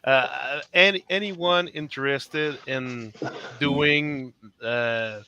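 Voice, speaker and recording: A man in a band, interviewed over a video call, halting with many uhs and laughing often. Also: medium pitch, dull audio, background noise. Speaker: band member and lyricist. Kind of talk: casual interview chat.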